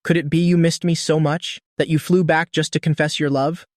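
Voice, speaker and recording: A cool, domineering young woman president teases and commands, as a man reads her lines. Her voice is his own somewhat high one, barely changed. The sound is dry and close. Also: little pitch movement, brisk, no echo, natural voice. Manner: cool, indulgent, teasing.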